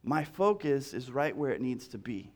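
A male pastor preaching a sermon in an animated, repetitive style that builds in intensity. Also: mid-range voice, normal speed.

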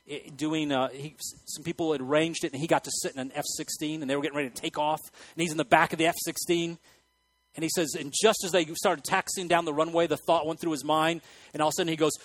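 A man with a fairly high voice preaches to his congregation, swinging between hushed, earnest asides and sudden loud bursts. The sound is dry and close, with little room echo. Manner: animated preaching with sudden loud acted outbursts and quiet asides. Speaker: pastor. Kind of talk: sermon. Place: church hall with congregation.

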